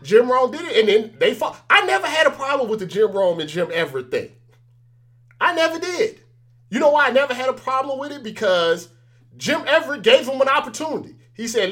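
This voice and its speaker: A man's voice: extremely high pitch, very animated, a little fast, a bit bright. A man as an interview guest, chatting casually and telling stories animatedly, acting out the exchanges he quotes.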